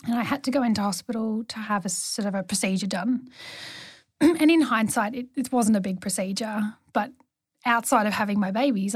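A neonatal nurse practitioner, appearing as a guest on an interview podcast, tells her stories warmly and earnestly in a conversational exchange. Her voice is medium-pitched, and the recording is dry with studio quality.

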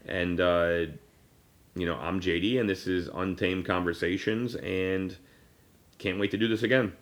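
A man's voice: low voice, steady tone, a little slow. A man in his thirties hosting a casual podcast, rambling with many fillers and restarts, and at times choked up. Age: 30s. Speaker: podcast host. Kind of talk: casual personal conversation.

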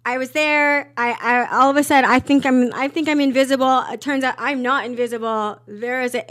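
A young adult woman, a podcast guest, telling a story in casual chat, animated and swearing freely as she acts out quotes. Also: high-pitched, a little fast.

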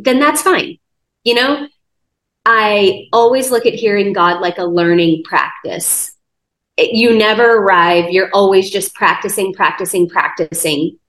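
A woman, a guest on a faith podcast, telling a personal testimony in a lively conversational way, with many "like" fillers. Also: medium pitch, moderate pace. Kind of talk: conversational storytelling. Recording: roomy echo.

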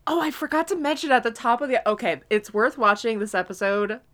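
A young woman co-hosting a casual podcast, reviewing a TV episode in an animated way, swearing and laughing often. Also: a little high, brisk, a little hiss or hum. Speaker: podcast co-host.

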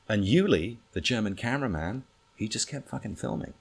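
Very deep-voiced man telling a story. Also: a little fast, gravelly, breathy edge. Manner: animated, swearing, acts out others' lines. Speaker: storyteller guest. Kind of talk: casual anecdote on a podcast.

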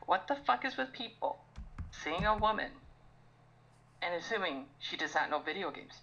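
Young woman, exasperated profane rant, low voice, dull recording. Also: lively intonation, moderate pace, creaky, sharp tone, a little hiss or hum. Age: young adult. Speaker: podcast co-host. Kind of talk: ranting casual chat.

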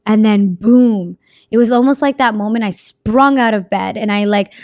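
A young woman giving a casual motivational talk about her own story, energetic and slangy, swearing freely and acting out what people say. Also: medium pitch, normal speed, no room sound, studio quality. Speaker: speaker sharing a personal story.

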